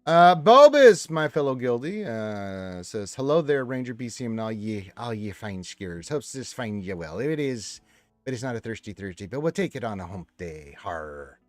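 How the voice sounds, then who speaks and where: Casual male stream host, lively delivery, dry sound, faint music. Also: normal speed, no room sound. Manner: reads chat aloud with lively swings in pitch and loudness. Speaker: livestream host reading chat. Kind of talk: casual chat.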